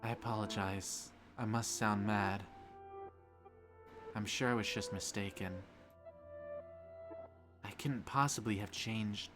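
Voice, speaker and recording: A man's voice: fairly low pitch, steady tone, over music. A man reading as a courteous maid. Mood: polite. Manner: formal, polite, measured reading. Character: calm courteous female mansion maid.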